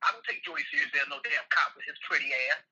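A man's voice: mid-range voice, flat delivery, rapid-fire, sharp tone, breathy edge, lo-fi sound. A man co-hosting a casual podcast chat, ranting emphatically and swearing freely. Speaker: podcast co-host.

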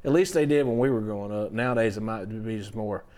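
A man's voice: lowish voice, fast talker. A middle-aged man, a songwriter telling stories in a casual interview and acting out the people he quotes. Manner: animated, acts out quotes in other voices. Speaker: guest songwriter.

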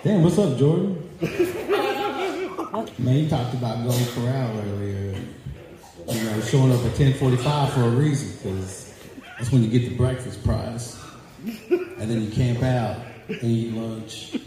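A man's voice: medium pitch, expressive, a little slow, long pauses, crowd noise. A man doing a loose, rambling stand-up set, laughing at his own jokes. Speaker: stand-up comedian. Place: club or hall with a live audience. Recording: echoey hall, noisy live room.

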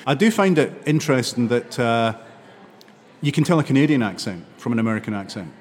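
An older man from Scotland with a Scottish accent, a novelist guest telling stories in an animated way, laughing often. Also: mid-range voice, fairly quick, big-room sound. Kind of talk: interview conversation.

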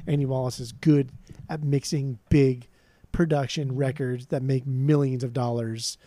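A man's voice: mid-range voice, little pitch movement, unhurried, warm tone, no echo. A man co-hosting a podcast, sarcastic and profane, ranting jokingly in casual chat. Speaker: podcast co-host.

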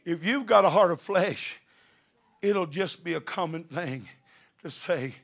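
Fervent, gravelly-voiced preacher man. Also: fairly high pitch, unhurried. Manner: fervent, building to shouted passages. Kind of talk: sermon.

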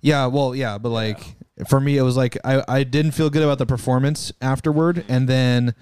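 A man's voice: medium pitch, fairly even intonation, normal speed, a little mellow, clean tone. A man, the newest member of a band, talking in a hesitant, self-conscious way in casual chat.

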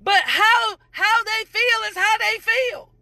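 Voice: very high voice, takes it slowly, gravelly, bright, forceful tone, no echo. A preacher giving a morning devotional sermon, greeting viewers by name and repeating phrases emphatically in a sing-song cadence.

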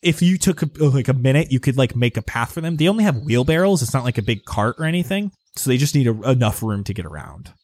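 A man's voice: mid-range voice, expressive, fast, hardly any pauses, a little mellow, dry recording. A man narrating a tabletop game as game master, describing scenes loosely with lots of fillers.

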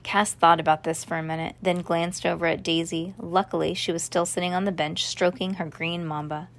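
A woman reading a children's novel aloud in a steady storytelling voice, with a few slips and restarts. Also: lowish voice, a little fast. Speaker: reader.

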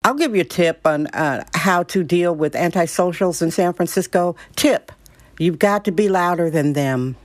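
A woman's voice: fairly low pitch, moderate pace. Blunt, opinionated woman podcast host. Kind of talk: casual monologue to listeners.

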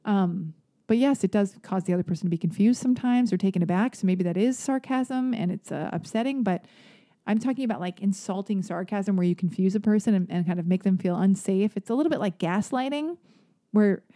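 A woman's voice: medium pitch, a little fast, dark tone. A woman hosting a solo podcast on a stand mic, talking candidly and rambling with casual swearing as she answers listener emails. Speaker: podcast host.

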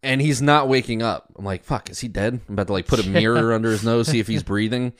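A man with a somewhat low voice telling a story in casual podcast chat. He rambles along with plenty of fillers and breaks into laughter at his own punchlines. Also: quick pace, no echo, clean studio sound. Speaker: podcast co-host.

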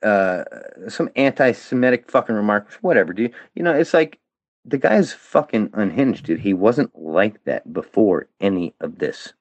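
A man's voice: fairly low pitch, animated, moderate pace, no room sound, highs cut off. A man on a heated, profane, defiant rant as a podcast guest. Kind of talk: angry rant.

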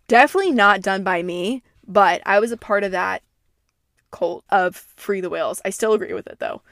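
A woman's voice: medium pitch, a bit bright, no room sound, clean studio sound. A young adult woman hosting a podcast in casual solo chat, rambling, swearing freely and speaking candidly. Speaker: podcast host.

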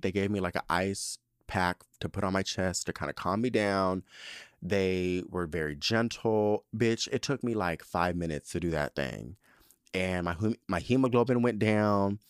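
Lowish-voiced man telling a dramatic, profane story. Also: clean tone, no echo, studio quality. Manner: animated, dramatic, profane and chatty. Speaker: podcast host. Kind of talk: casual storytelling monologue.

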